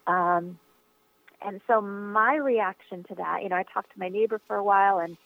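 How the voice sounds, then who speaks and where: Speaking at normal speed in a medium-pitched voice, a guest author answers interview questions with a heartfelt, reflective personal story. She often uses fillers and restarts herself, and the tinny phone line is dry, without echo.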